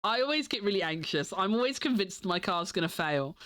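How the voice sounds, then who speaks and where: A woman's voice: mid-range voice, animated, brisk, fairly bright tone. A sleepy woman streamer chatting casually, giggling often and rambling with many restarts. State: sleepy, yawning. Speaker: live streamer.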